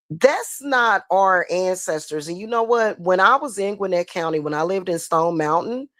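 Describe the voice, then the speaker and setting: A woman's voice: lowish voice, dry recording, studio quality. A woman hosting a spiritual livestream, telling a story in casual, profane talk that is full of y'all. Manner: profane, animated, addresses viewers as y'all.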